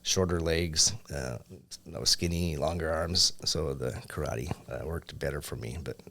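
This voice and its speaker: A man's voice: very deep voice, a little slow, creaky, fairly bright tone. A man who grew up in Japan, a business owner talking as a podcast guest in an easygoing, reflective way. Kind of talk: casual interview chat.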